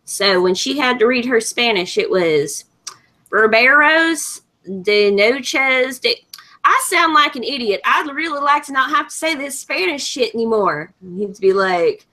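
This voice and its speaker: A woman's voice: fairly high pitch, moderate pace, few pauses. Chatty woman host telling stories. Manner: lively storyteller, laughs often. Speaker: livestream host. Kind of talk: casual chat.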